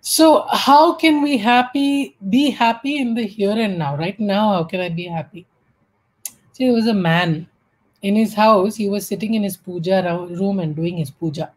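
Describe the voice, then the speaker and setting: Indian english lady, husky voice, chatty funny storyteller at a spiritual talk. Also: mid-range voice, normal speed, rough recording. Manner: warm, humorous storytelling with acted quotes. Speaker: speaker at an online spiritual talk.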